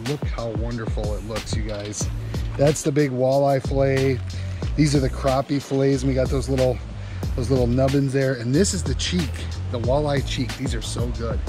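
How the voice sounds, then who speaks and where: A man hosting a fishing and cooking channel, chatting through a casual cooking demonstration and talking straight to the viewer with instructive tips. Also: medium pitch. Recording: music playing underneath.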